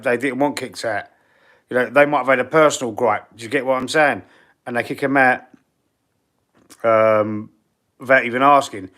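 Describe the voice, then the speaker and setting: A man's voice: medium pitch, fairly bright tone. A middle-aged man with a Cockney London accent hosts a football channel's live stream. He rambles casually, reads viewer comments aloud, answers them, and swears now and then.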